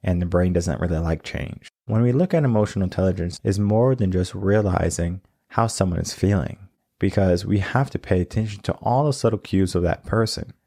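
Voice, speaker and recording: Deep, mellow and gravelly, the voice belongs to a man who coaches and hosts a podcast, laying out ideas in a laid-back, conversational way and often asking "right?" There's no echo; the sound is dry and close-miked.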